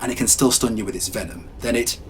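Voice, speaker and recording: A man's voice: fairly low pitch, fast, slight background noise, lightly acted. A man voicing a grave adult male safari assistant with a thick accent, giving solemn, insistent warnings in a spoken horror story. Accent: thick foreign accent.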